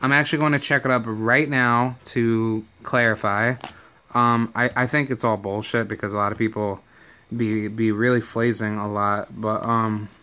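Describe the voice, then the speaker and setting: A young man giving excitable, profane, rambling vlog commentary full of fillers. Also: on the low side, normal speed, clear, resonant tone. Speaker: YouTuber.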